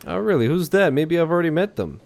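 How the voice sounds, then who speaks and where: A man's voice: fairly high pitch, expressive, fast talker, vocal fry, a little mellow, pitched above the performer's own voice. A man voicing a polite, inquisitive young woman searching for a missing friend. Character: curious young woman detective heroine, polite.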